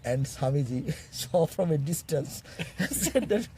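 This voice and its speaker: Male monk teacher, fairly high, mellow voice; storytelling sermon full of chuckles. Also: slight background noise. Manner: chuckles often while telling; halting, restarts phrases.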